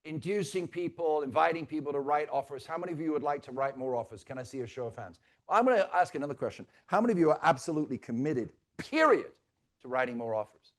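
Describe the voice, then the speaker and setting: A man leading a live real estate training, teasing the audience and swinging between loud and soft. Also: on the high side, expressive, quick pace. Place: stage before a live audience.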